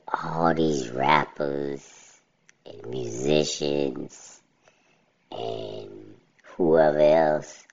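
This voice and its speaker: Guy on a solo podcast, robot voice filter, super deep and gravelly, blunt rambling talk, kinda muffled audio. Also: a little mellow. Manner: blunt and rambling, often says "you know what I'm saying". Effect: pitched-down robotic voice filter. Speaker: podcast host. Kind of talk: casual solo podcast monologue.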